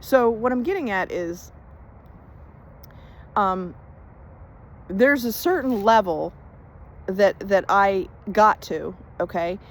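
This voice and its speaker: A woman's voice: mid-range voice, lively intonation, takes it slowly, long pauses, low-quality recording. A woman coach telling her personal healing story in a casual, chatty way, earnest and emphatic about her faith. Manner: chatty storytelling, reenacts conversations with "and I'm like". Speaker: faith-based life coach.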